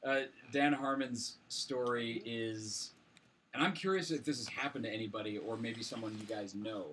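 A man's voice: medium pitch, fairly bright tone, slight background noise. A man co-hosting a podcast, retelling a story and posing questions, often stopping to restart his words. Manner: halting, repeats words while framing questions. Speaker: podcast co-host. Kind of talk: casual chat, retelling stories.

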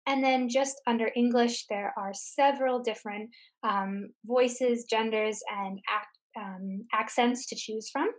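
A woman tech tutor giving a screen-share software lesson, explaining each step patiently. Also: a little high, fairly even intonation, measured pace. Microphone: computer mic on a recorded webinar.

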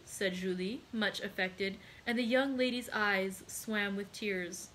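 A woman, a library host, narrating a classic novel in a steady, clear reading. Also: mid-range voice, slow pace, few pauses, a little hiss or hum, rough recording.

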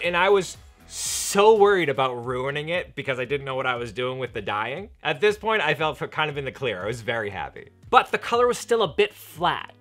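A man's voice: medium pitch, big pitch swings, fairly quick, a bit bright, soft background music. A young man hosting a crafting channel, narrating a leathercraft tutorial in an upbeat, enthusiastic, slangy way.

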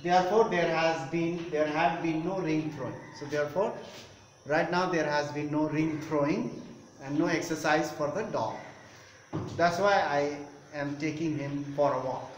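A man's voice: a little high, steady tone, unhurried. A male teacher who explains a story in an online class, repeating phrases and defining words. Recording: echoey room with faint noise.

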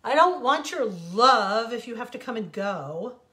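A sulky, self-pitying desert, voiced by a woman reading her fable aloud. It complains slowly, drawing out each grievance, in a storybook telling. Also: mid-range voice, animated. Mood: resentful. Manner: complaining, rising to loud wails.

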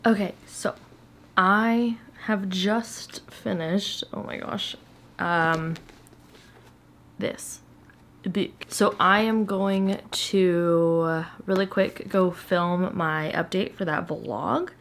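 A woman's voice: lowish voice, steady tone, drawn-out words, slight background noise. A woman, chatting playfully at home as a reading vlogger, sometimes dropping to a whisper. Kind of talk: casual vlog chat. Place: home, indoors.

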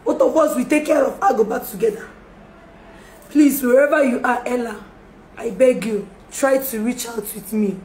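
A woman speaks on a phone livestream, her pitch sitting a little high as she pleads and repeats her apologies. The room answers her with a noticeable echo. A faint hum of background noise stays under her voice. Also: moderate pace, darkish tone. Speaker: livestreamer making a public apology. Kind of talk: emotional live-stream appeal.

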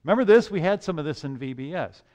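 A man leading a children's message in church, playful and animated, singing and acting out moods for the kids. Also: fairly high pitch, fast. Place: church sanctuary.

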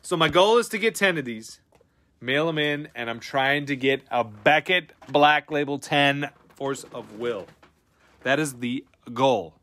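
Male stream host, excitable and slangy, bright forward tone, swings loud to hushed. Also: a little high, a little slow. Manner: excitable, swings from loud outbursts to breathy mutters; slangy, says dude and bro a lot. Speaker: card-breaking stream host. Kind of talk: casual live-stream chat.

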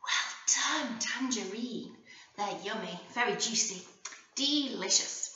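A woman with an English accent teaching a phonics lesson to young children, animated and sing-song, speaking slowly and clearly with frequent gasps. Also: a little high, noisy background. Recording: echoey room, voice from a distance, dull sound.

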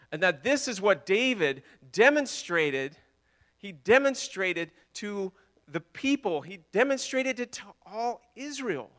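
A man preaching from the pulpit with a high, bright voice. He delivers the sermon with passion, repeating his words and moving from ringing declarations down to quiet, intimate lines. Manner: impassioned, repeating words, swinging between loud and hushed. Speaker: pastor.

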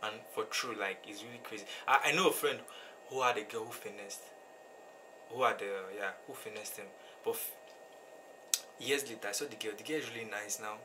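Halting young man over background noise. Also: on the low side, bright, forceful tone. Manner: earnest, halting, restarts often. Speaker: guest. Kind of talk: casual chat.

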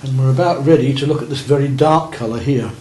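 A male art teacher, quick-paced and a little mellow at medium pitch, runs a beginners' painting lesson. As he works he offers guidance and encouragement and checks on students' progress. Faint noise sits in a roomy-sounding room.

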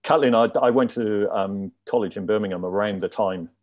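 A man's voice: fairly low pitch, a little fast, highs cut off, slight background noise. A man hosting a Q&A, reading out audience questions politely with a dry joke now and then. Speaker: Q&A host.

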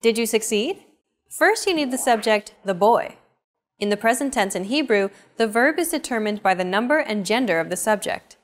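A woman's voice: a little high, expressive, normal speed. A woman hosting a scripted language lesson, explaining each step and turning questions to the viewer in an upbeat way. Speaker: lesson host.

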